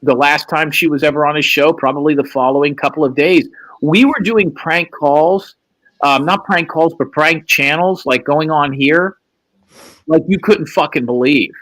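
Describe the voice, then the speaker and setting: A man's voice: on the high side, moderate pace. A man hosting a show, telling a profane story casually and acting out the quotes. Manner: profane, animated, acts out quotes. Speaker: host.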